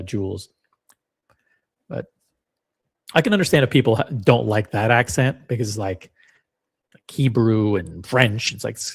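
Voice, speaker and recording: A man's voice: medium pitch, gravelly, darkish tone. A man hosting a live reaction stream, chatting in a rambling, self-deprecating way. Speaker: livestream host.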